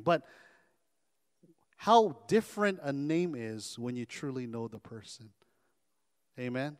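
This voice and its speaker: A man preaching as pastor, animated, often calling on his congregation for an amen. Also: medium pitch, slow, long pauses, smooth, long reverb tail. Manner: animated, call-and-response preaching. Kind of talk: sermon. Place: church sanctuary.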